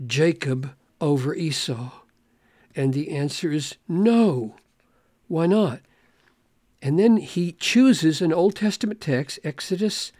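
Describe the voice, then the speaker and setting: A man's voice: fairly high pitch, dark tone, dry recording, clean studio sound. A man giving an expository Bible lesson, reading scripture aloud and explaining it, stressing key phrases by repeating them. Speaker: Bible teacher.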